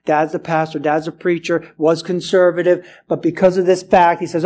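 A man preaching a sermon as pastor, animated, dropping to quiet earnest lows and climbing to raised, exclaiming passages, often restarting and repeating words. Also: moderate pace, hardly any pauses. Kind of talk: expository sermon.

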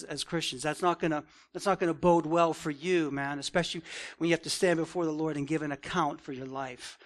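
A man with a high, somewhat bright voice preaches an expository Bible lesson. He's earnest and conversational, repeatedly saying "man" and "right?", and his force rises on the emphatic points.

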